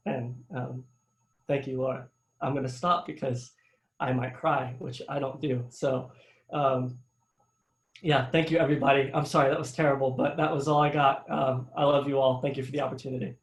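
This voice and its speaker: A young man, a student government vice president, giving a halting, informal farewell speech with many fillers over a video call. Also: mid-range voice, a little mellow, reverberant, poor audio. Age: young adult.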